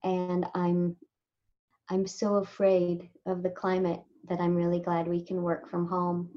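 A woman voice actor from Southern California talking casually in an interview, animated and quick to mimic people. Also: lowish voice, dull audio. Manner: animated, slips into lively mimicry of others. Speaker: voice actor guest.

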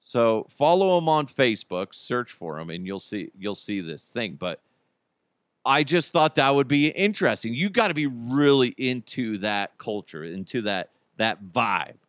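A man's voice: medium pitch, fairly bright tone, clear, resonant tone, no room sound. A man hosting a podcast in casual solo chat, rambling and joking with lots of filler words. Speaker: podcast host.

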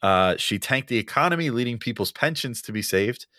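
A young man co-hosting a casual podcast chat, halting and full of ums and uhs, chuckling often. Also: mid-range voice, expressive, bright, forceful tone. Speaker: podcast co-host.

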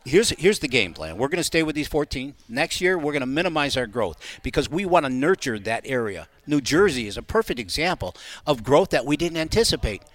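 A man's voice: mid-range voice, big pitch swings, brisk, hardly any pauses, dry recording. A middle-aged man talking as a company guest on a radio show, enthusiastic and salesy. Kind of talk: casual radio chat.

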